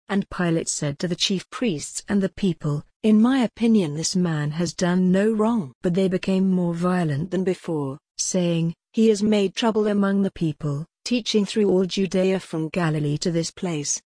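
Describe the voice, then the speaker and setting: A woman giving a measured, scripted reading of a Bible passage. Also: lowish voice, warm tone, no room sound, studio quality. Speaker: scripture reader.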